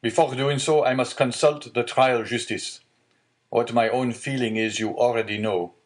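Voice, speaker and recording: A man's voice: medium pitch, normal speed, pitched above the performer's own voice, lightly acted. A man voicing a stern male deputy prosecutor in an audiobook, stiff and formal, giving orders. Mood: commanding.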